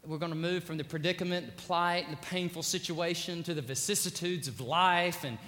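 A pastor preaching a sermon in a large church, quoting scripture with a preacher's rising cadence. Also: male voice, fairly high pitch, steady tone, moderate pace, bright, forceful tone. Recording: church reverb.

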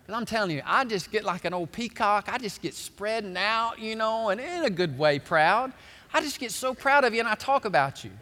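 A middle-aged man preaches a sermon with a bright, high voice, telling folksy stories with animated swings in tone. His voice rings out with a long reverb from a large church hall. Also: brisk. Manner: animated, folksy storytelling with big swings up in pitch. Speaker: pastor.

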